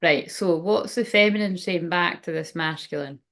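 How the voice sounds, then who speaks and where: A woman's voice: fairly low pitch, normal speed, fairly bright tone. A woman giving a casual tarot card reading, thinking aloud in a rambling way and swearing now and then.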